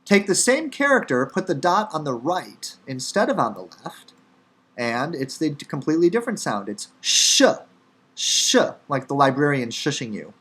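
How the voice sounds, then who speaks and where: Chicago guy teaching hebrew letters, lots of uhs and ums, dry jokes, middle pitched voice. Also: a bit bright. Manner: casual, wry teaching with many fillers. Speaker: Hebrew instructor. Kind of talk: recorded lecture.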